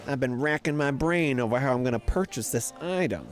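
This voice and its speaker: A man voicing a shady, smooth-talking middle-aged trader with a put-on New York Italian accent and wheedling salesman patter. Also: medium pitch, a little fast, close to an everyday voice. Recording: game music playing behind.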